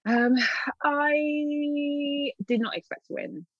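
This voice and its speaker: A woman's voice: high-pitched, takes it slowly, dry recording. A woman in an interview, a literary agent telling stories candidly and acting out her own past remarks with lots of laughter. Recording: dull, dry sound.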